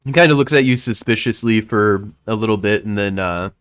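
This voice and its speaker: A man narrating a tabletop game as game master in a casual, halting way. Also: lowish voice, fairly bright tone, clean tone. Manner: casual, halting, many restarts.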